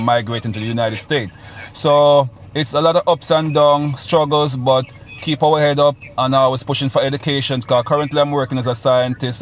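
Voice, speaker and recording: A Jamaican man in his forties, a musician guest talking casually in a radio interview. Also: medium pitch. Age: 40s.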